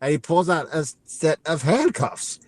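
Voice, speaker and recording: A man co-hosting a podcast speaks at a fairly high pitch with large pitch swings, recapping a movie in a loose, rambling way. He acts out lines and drops quick asides, and the audio has no echo.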